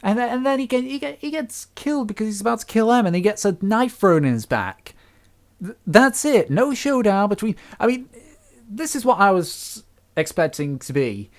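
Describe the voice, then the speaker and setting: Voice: medium pitch, big pitch swings, normal speed. A speaker giving a casual, unscripted film review, rambling and griping with many restarts along the way.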